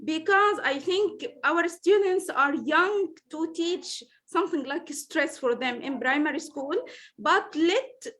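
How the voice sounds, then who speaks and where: Woman teacher trainer, high voice, patient, says uh a lot. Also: slow, a bit bright. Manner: patient, repeats words, many fillers. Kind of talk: online teacher training session.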